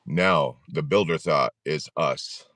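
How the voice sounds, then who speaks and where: A man's voice: a bass voice, takes it slowly, fairly bright tone, no echo, studio quality. A man in his forties hosting a live-streamed support group talk, speaking earnestly and repeating his points, often chuckling.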